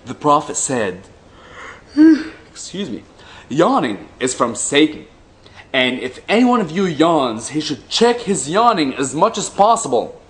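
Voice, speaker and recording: Sarcastic man with a lively voice. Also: a little high. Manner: mocking, dry asides between slow deliberate readings. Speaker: commentator reading hadith aloud. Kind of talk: reading texts with sarcastic asides.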